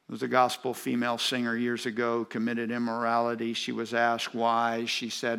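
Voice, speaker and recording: A man's voice: mid-range voice, completely flat delivery, normal speed, creaky, few pauses, a bit bright, clean tone. Preacher guy, emphatic, keeps hammering the same point, talks right to the crowd. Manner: emphatic, repetitive preaching with rising intensity; speaks directly to congregation, asides to audience. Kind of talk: sermon.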